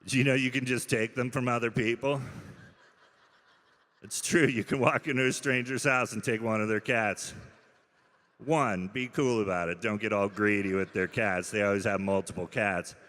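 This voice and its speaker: A man's voice: on the low side, steady tone, moderate pace, a bit bright. Man doing stand-up in a reverberant hall. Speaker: stand-up comedian. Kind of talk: stand-up comedy routine. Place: comedy club stage. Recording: live stage set with hall reverb.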